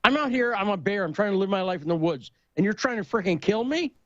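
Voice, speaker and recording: Grumpy talking bear mad at a hunter as a guy puts it on, kinda high and jumpy, dull sound. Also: expressive, quick pace, dry recording. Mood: indignant.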